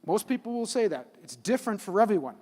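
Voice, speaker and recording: A middle-aged man giving a live motivational keynote at a conference, animated and asking the audience questions. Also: sits high, fast. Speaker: keynote speaker. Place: conference hall. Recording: reverberant hall.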